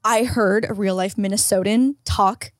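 A young adult woman co-hosting a podcast, chatting casually, excitable and gushing, laughing often. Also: mid-range voice, normal speed. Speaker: podcast co-host. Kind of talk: casual chat.

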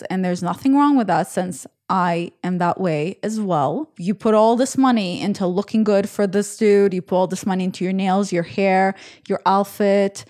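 A woman's voice: medium pitch, a little mellow. A woman hosting a casual podcast, giving opinionated, frank dating advice to listeners. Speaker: podcast host.

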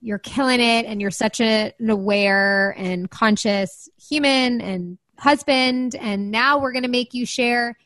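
A woman's voice: a little high, measured pace, hardly any pauses, a bit bright, no echo. A woman in her thirties co-hosting a podcast, chatting casually and easily. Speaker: podcast co-host. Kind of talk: casual chat.

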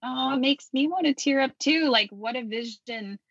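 A woman's voice: sits high, normal speed, creaky, slightly rough, no echo. A woman guest explaining parenting ideas in a thoughtful, conversational way. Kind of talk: casual conversation. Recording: dry, muffled lo-fi audio.

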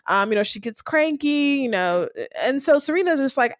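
Woman, fairly high voice, casual recap chat, acts out lines, dry close sound. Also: moderate pace, no room sound. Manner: animated, acts out characters' lines while retelling. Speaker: podcast co-host recapping a TV episode.

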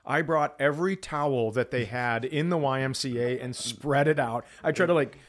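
A man's voice: medium pitch, normal speed. Teasing male comedy podcast co-host. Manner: crude, teasing banter. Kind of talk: casual comedic chat.

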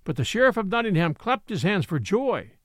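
A man narrating an old adventure tale with expressive delivery. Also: high-pitched, brisk, no room sound, studio quality. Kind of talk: scripted storybook narration.

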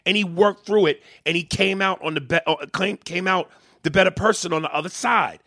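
A man's voice: sits high, moderate pace, no echo, studio quality. A man arguing politics in a heated, profane way, often retelling and acting out what others said. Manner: heated, profane, animated storytelling. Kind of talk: casual political debate.

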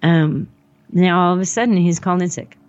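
A woman's voice: on the low side, brisk, a little mellow, lo-fi sound. A woman telling a personal story in conversation, rambling and acting out the dialogue with lots of "like". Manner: rambling, acts out the dialogue, frequent "like".

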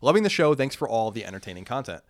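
Quick, lively man co-hosting a podcast. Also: mid-range voice, no echo, studio quality. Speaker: podcast co-host reading listener mail. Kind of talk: casual podcast chat.

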